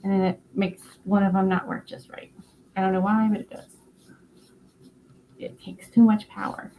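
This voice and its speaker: A tired woman with a North Carolina Southern accent, hosting a casual craft live stream and rambling through her explanations with many fillers and halting words. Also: medium pitch, little pitch movement, mellow, a little hiss or hum, low-quality recording.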